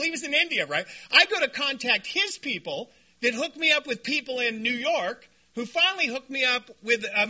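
High, bright-voiced man telling his story. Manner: animated, self-deprecating, laughing. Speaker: speaker at a recovery meeting. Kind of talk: personal storytelling talk.

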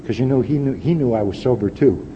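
A man in his fifties sharing a personal testimony at a recovery meeting, earnest and folksy, dropping to a quiet intensity at times. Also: mid-range voice, quick pace. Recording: dull lo-fi hall recording with faint hiss.

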